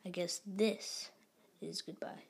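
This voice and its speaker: A woman voicing a smirking boy who turns out to be a spy, in a whispery, gravelly voice. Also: lowish voice, fairly even intonation, takes it slowly, heavily acted. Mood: menacing. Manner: smirking, cold. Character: boy turned German spy, smug and menacing.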